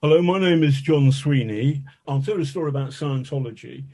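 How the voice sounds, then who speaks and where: A man, a journalist, telling a lively, self-mocking anecdote as a podcast guest, with a lot of swearing. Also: medium pitch, brisk, faint music behind. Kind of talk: anecdotal storytelling.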